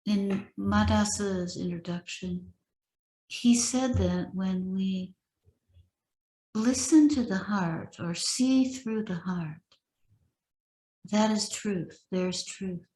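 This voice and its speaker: A woman guides a meditation in a slow, measured recitation, leaving long pauses between phrases. Her voice sits at an ordinary middle pitch. The room around her is echoey. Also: dark tone. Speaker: meditation teacher.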